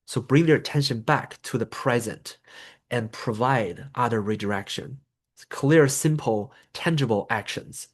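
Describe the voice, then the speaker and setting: Man explaining calm de-escalation steps. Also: measured pace. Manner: explanatory, acts out example scripts with raised pitch. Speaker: trainer. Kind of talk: professional development lecture.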